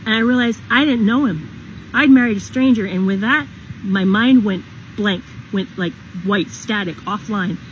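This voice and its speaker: A woman's voice: mid-range voice, lo-fi sound, a little hiss or hum. Earnest middle-aged woman telling her story. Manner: earnest, halting, many restarts and repetitions. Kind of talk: personal storytime narration.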